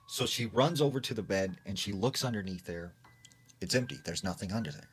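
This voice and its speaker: A man's voice: fairly low pitch, brisk, slight background noise. A man casually retelling a scary story secondhand, with lots of fillers.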